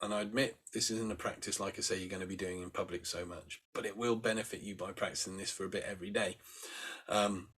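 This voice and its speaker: A man leading a meditation lesson, talking gently and unhurriedly as he walks listeners through sighing and yawning exercises. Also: low-pitched, fairly even intonation, breathy edge. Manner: gentle, unhurried, with demonstrated sighs and yawns. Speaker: meditation teacher. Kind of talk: guided breathing instruction.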